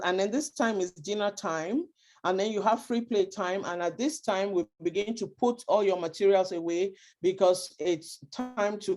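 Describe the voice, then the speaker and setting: A woman's voice: fairly low pitch, a little mellow. A woman giving earnest parenting advice in an online talk over a video call, acting out short example quotes. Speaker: guest speaker on parenting.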